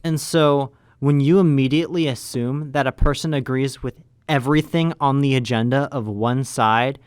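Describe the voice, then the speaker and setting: Young man explaining his view calmly. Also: medium pitch, moderate pace, smooth, dry recording, clean studio sound. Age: young adult. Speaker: podcast co-host. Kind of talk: casual chat.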